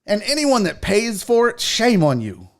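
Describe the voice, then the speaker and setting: A fortysomething show host speaks a little slowly, his high voice swooping wildly in pitch. His livestream rant is fiery and profane, and he mocks others by imitating them in fake voices.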